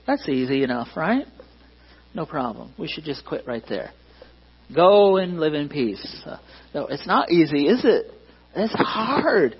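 A man's voice: a little high, big pitch swings, measured pace, husky, highs cut off. A man preaching a sermon as pastor, conversational and self-deprecating, often asking the congregation questions.

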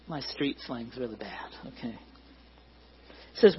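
A middle-aged pastor preaching in a church hall, conversational and joking with the congregation. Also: male voice, medium pitch, a little slow, pauses often, lo-fi sound. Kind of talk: sermon.

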